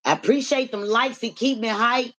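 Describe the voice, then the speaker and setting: A woman's voice: on the high side, steady tone, moderate pace, a bit bright. A woman hosting a live stream in casual talk, repeating rhythmic, profane hype chants to her viewers.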